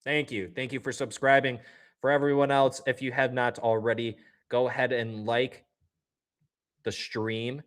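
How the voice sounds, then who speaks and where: A livestream host gives casual play-by-play reactions during a live game watch-along, chatting straight to his viewers in an upbeat way. His voice is mid-range and a bit bright, with little pitch movement and an unhurried pace.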